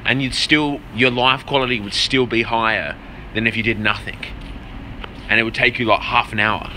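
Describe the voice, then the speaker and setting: A breathless man from Jordan talks loosely into a phone at arm's length, swearing freely and shouting out viewers by name as he rambles. His voice is sharp and very bright. Faint street noise hums behind him in the city. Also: mid-range voice, steady tone, normal speed. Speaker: vlogger answering live chat. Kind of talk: casual livestream chat. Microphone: phone held at arm's length.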